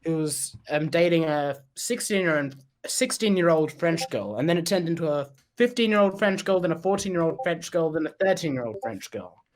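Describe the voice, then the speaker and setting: A man co-hosting a podcast, talking casually with hesitant restarts and throat clearing. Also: a little high, lively intonation, moderate pace, few pauses. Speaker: podcast co-host. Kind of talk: casual chat.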